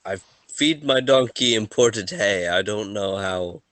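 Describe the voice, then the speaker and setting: A man's voice: on the low side, expressive, unhurried, a bit bright, dry recording. A man voicing a humble, easygoing male merchant in a tabletop game, rambling with fillers. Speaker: game master voicing a character. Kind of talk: tabletop role-play.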